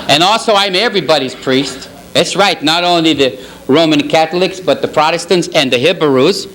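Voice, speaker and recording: A man's voice: on the high side, lightly acted, low-quality recording. A man playing a sly middle-aged Italian parish priest with a put-on Italian accent and broken English, telling jokes at a banquet. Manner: deadpan, rambling joke delivery, broken English. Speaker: banquet humorist. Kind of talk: stand-up roast at a banquet. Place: banquet hall.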